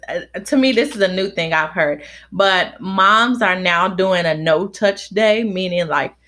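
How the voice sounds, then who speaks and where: Expressive woman in casual chat. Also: mid-range voice. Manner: expressive, emphatic, playful.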